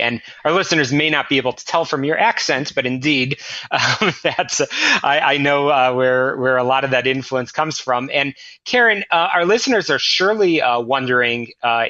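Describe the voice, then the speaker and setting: A man hosting a business show, interviewing a guest with many halting fillers. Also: mid-range voice, bright, forceful tone, no room sound, lo-fi sound. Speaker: radio show host.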